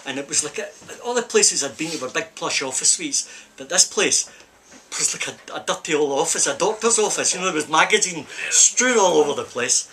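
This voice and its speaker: An older man with a Scottish accent spins a long, winding anecdote, repeating "I says" as he goes. His voice sits a little high and sounds sharp and forceful. A faint hum of background noise stays underneath. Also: animated, brisk. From Scotland. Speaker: film stuntman. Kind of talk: casual storytelling interview. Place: film set during a break.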